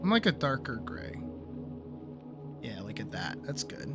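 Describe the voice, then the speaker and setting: A man chatting casually on a game stream, relaxed and talkative, answering chat and laughing often. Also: mid-range voice, unhurried, over music.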